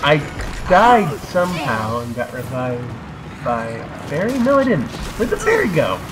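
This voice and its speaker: A man hosting a co-op game let's play, reacting loudly with exclamations and swearing. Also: fairly high pitch, a little slow, music in the background, low-quality recording. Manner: excitable, swearing, yelping exclamations. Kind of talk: co-op gameplay commentary.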